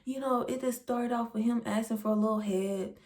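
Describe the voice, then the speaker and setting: A woman's voice: a little high, fairly even intonation, a little fast, close to an everyday voice. A woman putting on a breezy, unbothered young woman. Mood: nonchalant. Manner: casual, dismissive, soft-spoken. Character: nonchalant young woman, shrugging off scandal.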